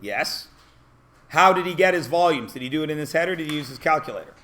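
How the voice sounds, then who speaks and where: A man's voice: on the high side, animated, fast, a bit bright. A man teaching a math class, asking the students questions and often answering them himself. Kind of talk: classroom lesson.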